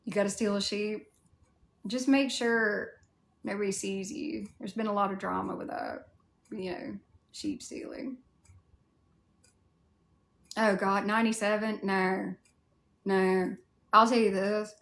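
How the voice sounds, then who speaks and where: Speaking slowly with long pauses, a Southern US woman meanders through her livestream chat, replying to each comment in turn and leaning heavily on "like." Her medium-pitched voice has a gravelly fry, and the sound echoes around the room.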